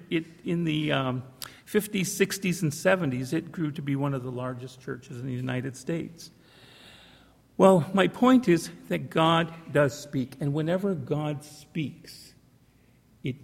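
A male pastor tells a folksy anecdote in a sermon, his voice gravelly and husky. His pitch sits somewhat high for a man. The sound carries a long church reverb. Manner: folksy anecdotal storytelling with restarts. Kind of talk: sermon storytelling.

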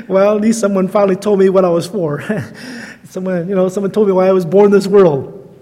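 A man's voice: sits high, moderate pace, dark tone, long reverb tail. A man in his sixties, a guest preacher, telling stories in a chatty, self-deprecating sermon. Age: 60s. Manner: chatty, self-deprecating, laughs at own jokes. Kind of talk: storytelling sermon.

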